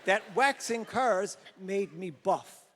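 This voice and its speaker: A man's voice: high-pitched, lively intonation, takes it slowly. A man hosting a comedy festival, telling stand-up jokes in a playful, self-deprecating way. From Newfoundland, Canada. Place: large theater with live audience. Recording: hall reverb, crowd and noise behind.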